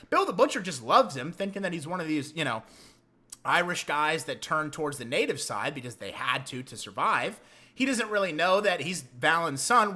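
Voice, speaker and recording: A man giving a casual film review, retelling scenes in an excitable, profane and animated way. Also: extremely high pitch.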